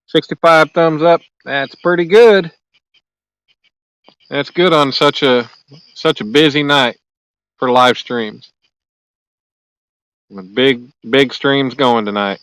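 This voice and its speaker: A man's voice: medium pitch, takes it slowly, long pauses, a bit bright, clean tone, no room sound, poor audio. Chatty man hosting a live stream. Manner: chatty, reads and answers viewer comments aloud; joking, easygoing. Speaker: livestream host. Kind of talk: casual live-stream chat. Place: outdoors at a lake at night.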